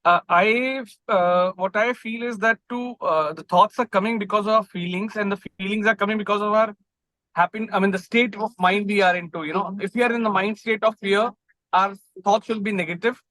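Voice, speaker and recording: A man's voice: high voice, steady tone, a little fast, sharp tone, no room sound, low-quality recording. A man taking part in an online group call, sharing his experience hesitantly with many fillers. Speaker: participant on the call. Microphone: video call.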